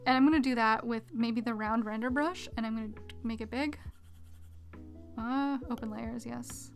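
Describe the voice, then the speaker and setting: Woman doing a chill art stream, reads chat out loud, mumbles under her breath while working, pop filter mic. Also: fairly high pitch, fairly even intonation, moderate pace, gravelly, soft background music. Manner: chatty, reads chat aloud, mutters quietly to herself while working. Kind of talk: casual live-stream chat while drawing. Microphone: desk mic with pop filter.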